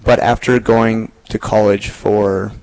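A young man in his twenties speaks as an interview guest, easygoing and quick to laugh. His voice sits a little low. He answers plainly and without fuss. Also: little pitch movement, vocal fry, a little mellow, low-quality recording. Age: 20s. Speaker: seminarian guest. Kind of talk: casual interview chat.

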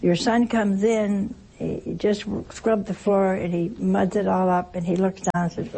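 A woman's voice: mid-range voice, flat delivery, unhurried, hardly any pauses, mellow, a little hiss or hum. An older woman preaching a sermon in a homespun, teasing way, asking rhetorical questions and acting out little everyday scenes. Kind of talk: sermon on works of mercy.

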